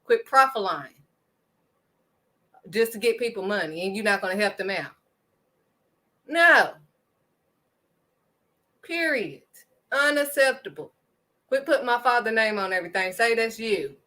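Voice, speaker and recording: A woman's voice: medium pitch, fairly quick, sharp tone. A woman giving an impassioned faith talk to her viewers, emphatic and preachy, driving points home with a firm "period.". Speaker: faith vlogger.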